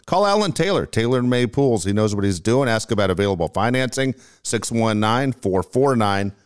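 A man does live sponsor reads on a radio show, upbeat and repeating phone numbers slowly. His voice sits low and sounds smooth and resonant. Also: lively intonation.

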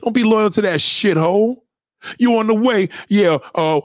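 A man's voice: sits high, normal speed, no echo, studio quality. A man ranting to viewers in a profane, preachy and conspiratorial way, repeating himself for emphasis. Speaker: vlogger giving opinions. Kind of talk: profane rant to camera.

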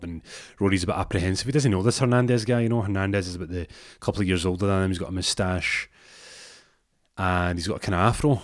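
Deep-voiced man telling a story. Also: dry recording, studio quality. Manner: rambling, with restarts and asides. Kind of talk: casual comic storytelling.

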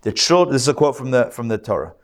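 A man's voice: medium pitch, animated, fast talker, darkish tone. A man teaching a live scripture class as a rabbi, speaking conversationally with fillers and restarts.

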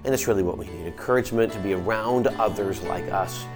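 A man's voice: lowish voice, fast talker, over music. A man pastor giving a midweek devotional sermon in an earnest, encouraging way, often repeating and restarting phrases.

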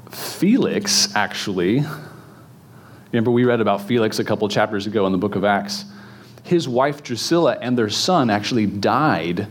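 Before a church congregation, a pastor with a voice on the low side delivers a casual sermon, chatting and joking with the crowd amid many fillers and restarts. A slight hiss or hum runs under the audio.

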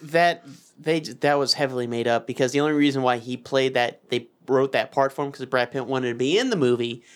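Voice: mid-range voice, fairly quick. A speaker in casual chat with friends, telling stories, swearing and laughing.

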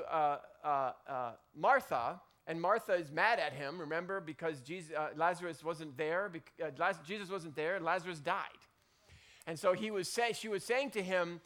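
Brief: male preacher, high-pitched, casual sermon delivery, stumbles and restarts, builds to emphatic peaks. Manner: conversational, many restarts, rising to loud emphatic peaks. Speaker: pastor.

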